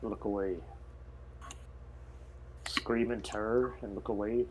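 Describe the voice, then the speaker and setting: A man's voice: fairly low pitch, fairly even intonation, slow, a little mellow, slight background noise. A man playing a tabletop game, chatting and joking with the table. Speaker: player. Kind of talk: casual game chat.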